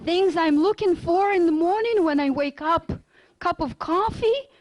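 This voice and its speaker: Woman, high voice, middle-aged, lively lecture storytelling. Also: unhurried, rough recording. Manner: lively storyteller with non-native grammar. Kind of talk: personal story told in a lecture.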